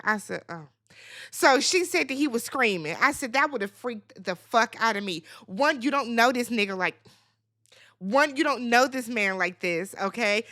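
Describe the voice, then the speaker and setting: Sassy lady recapping a reality show, high bright voice, talks like AAVE, lots of laughs and cussing. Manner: animated, sassy, laughing asides, swears freely. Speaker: recap host.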